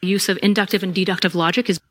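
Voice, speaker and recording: A woman's voice: mid-range voice, steady tone, quick pace. A woman arguing her point in a casual debate, somewhat hesitant with fillers.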